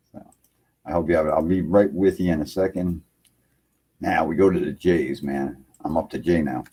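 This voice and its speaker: A man's voice: deep voice, mellow, husky. A man hosting an internet radio livestream, rambling loosely in casual chat from his home computer setup and filling lines with "man".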